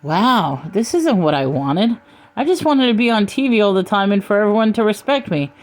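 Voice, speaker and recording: A woman's voice: mid-range voice, lively intonation, moderate pace, pitched above the performer's own voice, lightly acted. A woman voicing a self-centered, blustering older man who rambles and pities himself, in a comic storybook reading. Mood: uneasy.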